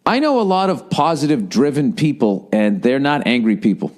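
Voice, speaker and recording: A man's voice: mid-range voice, very animated, brisk, hardly any pauses, darkish tone. Profane, rambling man ranting. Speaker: podcast host. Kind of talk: solo podcast rant.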